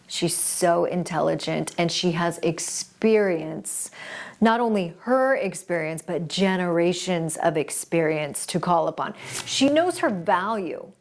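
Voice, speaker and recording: A woman's voice: on the low side, a little mellow. A woman hosting a self-help video, speaking directly to the viewer in an earnest, reflective and encouraging way. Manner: addresses the viewer directly with pauses and restarts. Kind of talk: motivational self-help talk.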